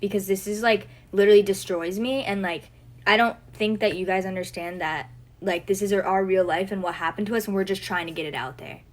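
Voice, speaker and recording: A woman speaks at a mid pitch in casual chat. She sounds flustered and keeps losing her train of thought, and her sentences break off and restart. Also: fairly quick, low-quality recording.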